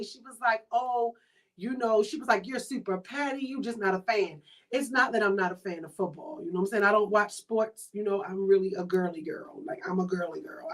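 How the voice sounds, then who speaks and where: A woman with a Baltimore accent hosting a podcast in casual chat, telling stories in a chatty, animated way with quoted asides. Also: fairly high pitch. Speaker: podcast host.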